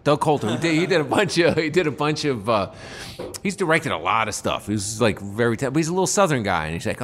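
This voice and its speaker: A man's voice: medium pitch, very animated, quick pace, fairly bright tone, a little hiss or hum. A man telling a long, meandering story as a guest on a chat podcast. He swears freely, circles back with restarts and fillers, and speaks in a mid-range voice. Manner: profane, rambling, full of fillers and restarts. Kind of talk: casual storytelling anecdote.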